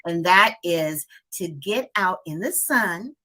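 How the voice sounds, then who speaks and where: A middle-aged woman speaks as a wellness coach in a relaxed live-stream conversation. She sounds upbeat and talkative, and laughs easily between her points. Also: on the low side, slow pace, very noisy. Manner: upbeat, chatty, laughs often. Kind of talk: casual live-stream chat.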